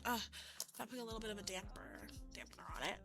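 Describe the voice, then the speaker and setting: A woman streamer telling a story in casual chat, animated and laughing, with lots of "like". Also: a little high, fast. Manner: animated, laughing, heavy use of "like". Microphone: streaming mic.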